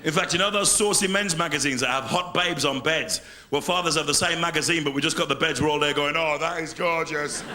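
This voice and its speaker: A middle-aged English man performing a live stand-up routine, animated, swinging between loud bursts and low mutters. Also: quick pace, hardly any pauses. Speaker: stand-up comedian.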